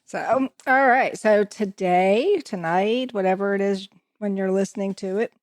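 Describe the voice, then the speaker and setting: A woman hosting a podcast, introducing her guest in an unhurried, relaxed casual chat. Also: mid-range voice, no echo, studio quality. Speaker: podcast host.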